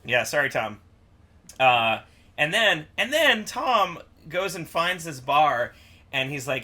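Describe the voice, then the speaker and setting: A man's voice: on the high side, very animated, slow, sharp tone. A young man in a band, casually rambling through tour stories on a livestream chat and laughing often. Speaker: band member co-host.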